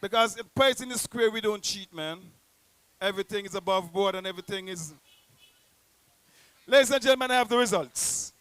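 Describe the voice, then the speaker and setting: High-voiced Nevisian man emceeing a poetry show. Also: fairly bright tone, smooth, no echo. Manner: theatrical crowd-rousing announcer. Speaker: host. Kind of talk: live event emcee. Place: outdoor public square.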